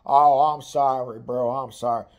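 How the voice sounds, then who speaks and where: A man's voice: mid-range voice, fairly even intonation, unhurried, close to an everyday voice. A man voicing his middle-aged trucker brother with a put-on Southern accent, ranting and swearing. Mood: furious. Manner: profane, ranting, shouting threats.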